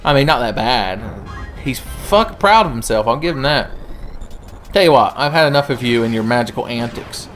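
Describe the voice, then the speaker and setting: A young man riffs through a let's play, swearing freely and mocking the characters on screen. His voice sits at a middling pitch. Soft game music runs beneath him. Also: lively intonation, normal speed. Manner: profane, jokey, does silly voices. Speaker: gaming channel host.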